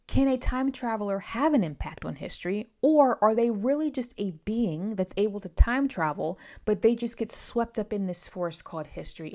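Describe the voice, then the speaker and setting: Young woman, lowish voice, chatty book-vlog host who talks with asides and self-corrections. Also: a little mellow. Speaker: book reviewer. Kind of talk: casual book review vlog.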